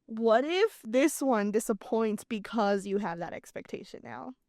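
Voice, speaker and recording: Animated woman co-hosting a podcast. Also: fairly high pitch, no room sound. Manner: animated and talkative, quick asides. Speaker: podcast co-host. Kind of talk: casual chat.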